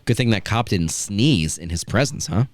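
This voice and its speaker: A man's voice: on the low side, expressive, moderate pace, dry recording. A man hosting a casual wrestling podcast, ranting and swearing with mocking asides. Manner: profane, ranting, does mocking impressions. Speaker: podcast host.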